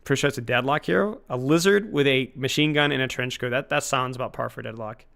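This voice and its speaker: A male streamer with a gravelly, fry-laden voice at a middle pitch, riffing loosely with his chat. He jokes, rambles and chuckles at his own bits, talking into a desk mic. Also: fast talker, a bit bright. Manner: joking and rambling, laughs at his own lines. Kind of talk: casual live-stream chat with viewers.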